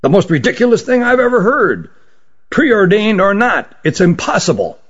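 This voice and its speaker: A man's voice: sits high, big pitch swings, normal speed, husky, pitched above the performer's own voice, heavily acted. A man voicing a stern, harsh old male magician who scolds with indignation. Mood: scolding. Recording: dull lo-fi audiobook recording.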